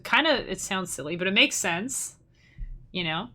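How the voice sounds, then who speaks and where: A woman's voice: medium pitch, animated, measured pace, pauses often, pushed and bright. A woman streamer and musician chatting casually with her viewers, rambling and restarting her sentences, laughing often. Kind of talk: casual livestream chat with viewers.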